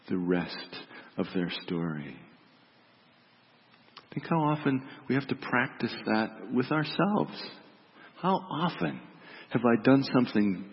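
Low-voiced man preaching in a reverberant hall. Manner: reflective, gentle, drops soft on key words. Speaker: pastor. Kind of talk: sermon. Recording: dull reverberant hall recording.

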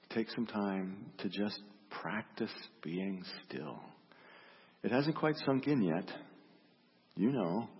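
A man's voice: on the low side, slightly rough, big-room sound, lo-fi sound. A man preaching a sermon in a reflective, storytelling way, often repeating his questions. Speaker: pastor.

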